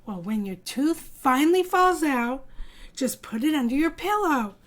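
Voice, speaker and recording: A woman voicing a knowing young girl dinosaur who explains things brightly and confidently to her friend. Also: sits high, animated, measured pace.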